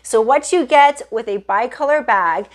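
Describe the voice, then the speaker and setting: A woman's voice: fairly high pitch, lively intonation, measured pace. A woman gushing enthusiastically as she reviews luxury handbags for her viewers, often saying "you guys". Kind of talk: casual product review vlog.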